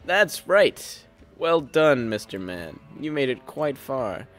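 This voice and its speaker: A man's voice: medium pitch, big pitch swings, slow pace, soft background music. A man voicing a pompous, scheming male city mayor who is a villain, speaking in a grandiose, theatrical way. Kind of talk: comedic audio drama.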